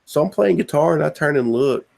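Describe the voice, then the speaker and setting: A man's voice: fairly high pitch, expressive, a little fast, gravelly, a little mellow. Laid-back Tennessee man telling stories. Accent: Tennessee Southern. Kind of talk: casual chat on a live stream.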